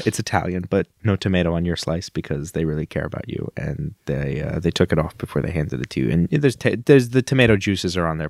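A man's voice: fairly low pitch, no echo, studio quality. Earnest, rambling man on a podcast. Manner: earnest, rambling, swings into mock-grand speeches. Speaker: podcast co-host. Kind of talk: casual comedic podcast chat.

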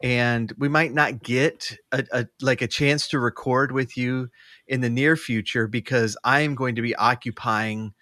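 A man's voice: medium pitch, fairly even intonation, unhurried, pushed and bright, dry recording, studio quality. A man co-hosting a podcast, chatting casually with many restarts and fillers, laughing often. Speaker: podcast co-host. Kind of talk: casual chat. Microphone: remote call mic.

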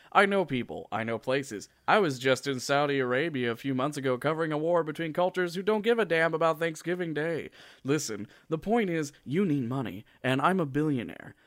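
A man's voice: medium pitch, no room sound, natural voice. Man reading smug billionaire anchor, boastful, cheesy, dry close sound. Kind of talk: reading an erotica story aloud.

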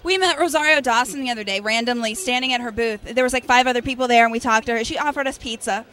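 A bubbly woman chatting flirtily with a host on a busy convention floor. Her voice is high and very bright, with a quick, sparkling edge. She keeps it casual and playful. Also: slight background noise. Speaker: show regular in costume. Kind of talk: casual chat.

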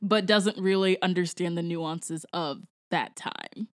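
A woman's voice: fairly low pitch, steady tone, slow pace. A woman from Jamaica co-hosting a casual movie review, chatting loosely with lots of "like" and laughter.

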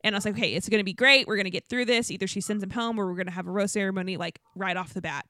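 A woman's voice: medium pitch, racing, sharp tone, dry recording, studio quality. A woman co-hosting a podcast, chatting casually and acting out quotes in exaggerated voices. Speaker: podcast co-host. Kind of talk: casual recap chat.

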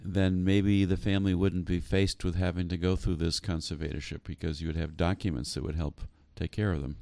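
A man's voice: deep voice, flat delivery, fairly quick, gravelly, dark tone, no echo. A man hosting a talk show interview, asking earnest questions with frequent hesitations. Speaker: host.

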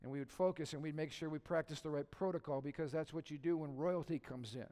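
A man's voice: fairly high pitch, steady tone, fast. Man preaching in a reverberant church hall. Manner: conversational preaching with audience questions and humor; swings from soft and hushed to loud and emphatic. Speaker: pastor. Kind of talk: sermon. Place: church sanctuary.

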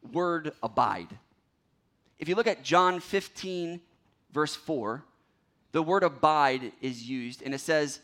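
Male pastor, young adult, slightly higher pitch, earnest sermon delivery with falling phrase endings. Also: a bit bright. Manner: earnest preaching, voice drops at phrase ends.

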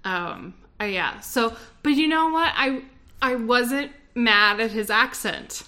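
A woman from North Carolina co-hosting a casual podcast. Her voice is bright and forward, and she talks in a chatty way, doubles back to correct herself, and laughs easily. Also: on the high side, slow pace. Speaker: podcast co-host. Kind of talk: casual chat.

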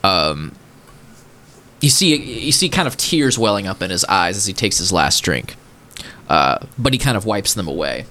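A man's voice: low voice, sing-song, moderate pace, pushed and bright. A man running a tabletop game as game master, narrating hesitantly with many fillers.

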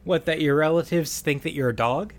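On a casual podcast, a male co-host with a fairly high, brisk voice recaps a film's plot with lots of energy. He acts out the quoted lines and laughs often as he retells the story.

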